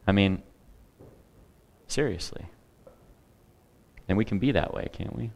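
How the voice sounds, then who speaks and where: A man's voice: lowish voice, measured pace, vocal fry, highs cut off. A man preaching a sermon in a conversational way, with humor and asides to the congregation. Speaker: pastor.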